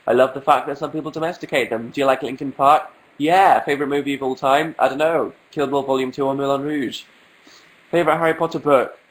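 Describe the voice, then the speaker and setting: A man's voice: medium pitch, rough recording. A young man from England with a cold, sniffling as he hosts a casual livestream, answering viewer questions in a dry, self-mocking way.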